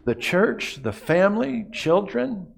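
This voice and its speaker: A man preaching a sermon as a pastor, earnest, often dropping to a hushed voice on key phrases and repeating words as he goes. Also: sits high, sing-song, takes it slowly, gravelly.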